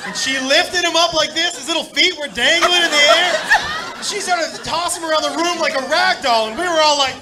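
A male stand-up comic with a strikingly high voice tells his story brashly and profanely, pushing to shouted punchlines. A loud audience laughs throughout, and the played-back clip carries clear background noise. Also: fairly quick, over a noisy crowd. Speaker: stand-up comedian. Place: comedy stage before a live audience.

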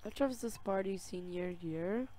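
A woman playing a game on camera, reading its chat messages aloud in a slow, drawn-out way and reacting with soft sympathy. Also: mid-range voice. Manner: reads dialogue slowly, with soft sympathetic reactions. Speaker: gaming video creator. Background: loud game music and keyboard typing.

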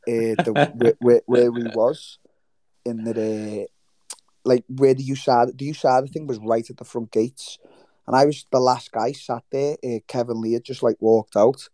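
Male guest, warm low tone, animated and profane, dry close sound. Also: normal speed, dry recording. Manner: swears freely, animated storytelling with quoted voices. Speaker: guest fighter. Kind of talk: casual interview chat. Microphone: remote livestream call.

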